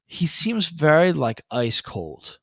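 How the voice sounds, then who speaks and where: A man's voice: a little high, big pitch swings, slow pace, dry recording, studio quality. A man co-hosting a sports betting podcast, giving earnest analysis in casual chat with frequent ums. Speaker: podcast co-host.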